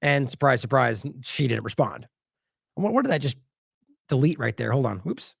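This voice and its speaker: A man's voice: medium pitch, big pitch swings, normal speed, gravelly, slightly rough, no echo, studio quality. A man giving casual independent news commentary, indignant and talking straight to his viewers while he reacts to social media posts.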